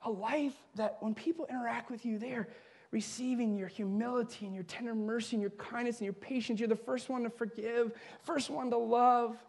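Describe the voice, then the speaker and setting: A man preaching a sermon as a pastor, swinging between raised, emphatic bursts and soft, low passages, with a chuckle at his own asides. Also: steady tone, fairly quick, vocal fry.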